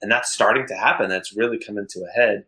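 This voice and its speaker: A male podcast co-host speaks fast with fairly even intonation, his voice fairly low but bright and forceful. He rambles casually and restarts sentences mid-thought, and the audio is poor.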